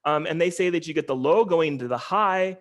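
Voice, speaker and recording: A man's voice: fairly high pitch, a little fast, a bit bright. Man lecturing with many ums. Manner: explanatory, many ums and restarts. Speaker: linguistics lecturer. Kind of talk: online academic lecture.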